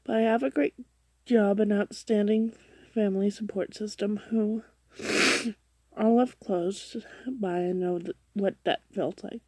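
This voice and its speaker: A woman reading a forum post aloud, halting and often stumbling, restarting words and correcting herself. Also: mid-range voice, fairly even intonation, dark tone, no room sound. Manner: drops to a whisper for her own asides. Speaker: reader of online posts.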